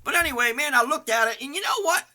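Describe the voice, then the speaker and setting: An older man preaching an energetic, folksy sermon, animated and self-mocking, swinging from loud outbursts to hushed asides. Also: extremely high pitch, fast talker. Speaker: pastor.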